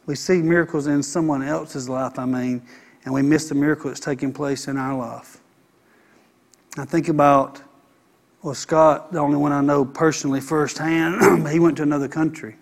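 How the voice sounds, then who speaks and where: A man delivers a sermon from the pulpit, his voice sitting notably high for a man. He is emphatic, stacking phrase on repeated phrase to press each point home. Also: steady tone, normal speed, vocal fry. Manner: emphatic preacher, repeating phrases in building runs. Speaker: pastor.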